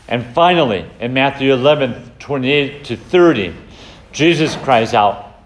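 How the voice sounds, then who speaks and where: A man preaches in an earnest, measured way, slowing for weight and reciting scripture between his points. His voice sits at an ordinary middle pitch for a man. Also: lively intonation. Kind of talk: sermon.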